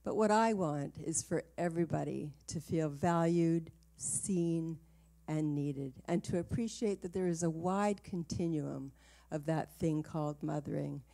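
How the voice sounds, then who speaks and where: A woman's voice: low-pitched, a little slow, gravelly. A woman minister opening a livestreamed church service, chatty and laughing easily. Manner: chatty and warm-hearted, laughs easily, light fillers. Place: small home worship space.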